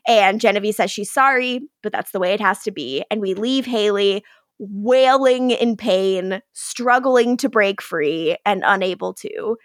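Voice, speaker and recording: A woman co-hosting a podcast, casually recapping episode scenes and acting out the characters' lines with quick playful voices and frequent laughter. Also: mid-range voice, dry recording, clean studio sound. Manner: lots of "like" fillers, laughing. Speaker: podcast co-host.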